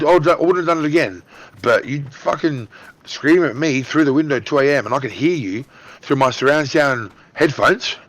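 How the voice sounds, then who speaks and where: A man in his thirties with an Australian accent, loudly telling a story on voice chat while gaming, swearing heavily. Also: medium pitch, no room sound. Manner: loud, excitable, heavy swearing. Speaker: gamer on voice chat. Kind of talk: casual chat telling a story mid-game.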